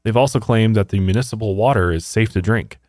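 Deep voiced guy cohosting a podcast, blunt and fed up, swears a lot, dry close sound. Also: fast, a little mellow, no echo. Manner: blunt, indignant, swears freely. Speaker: podcast co-host. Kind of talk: casual chat.

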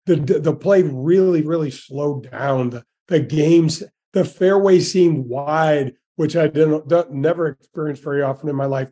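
A man's voice: on the high side, dark tone, slightly rough. A man in his sixties, a former pro golfer, telling stories as an interview guest in a folksy, enthusiastic way with lots of restarts. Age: 60s. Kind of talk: storytelling interview.

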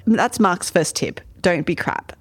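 A woman's voice: lowish voice, expressive, unhurried. A woman hosting a podcast, talking playfully and directly to the listener between clips. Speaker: podcast host. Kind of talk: scripted commentary.

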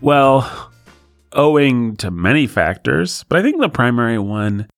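A male podcast host rambles on his own in a studio, sarcastic and quick to mock himself. His intonation rises and falls a lot. The sound is dry and close to the mic. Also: mid-range voice, sing-song, dry recording, soft background music. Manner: sarcastic, self-deprecating, rambling. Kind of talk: solo podcast riffing.

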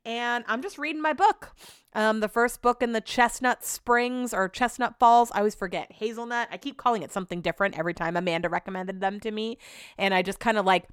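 Brief: woman solo podcast host, smooth clear voice, dry close sound, loose, chatty and profane. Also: on the high side, a little fast, dry recording. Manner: rambling, chatty, swears freely. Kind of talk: casual solo podcast chat.

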